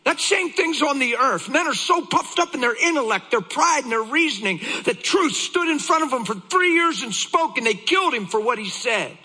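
A man preaching a sermon with passion, often shouting, then dropping low and slow. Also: animated, husky. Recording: long hall reverb.

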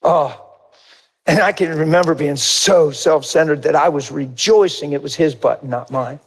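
A middle-aged man with a husky voice preaches a sermon at normal speed. He tells stories and acts out other people's voices in high squeals.

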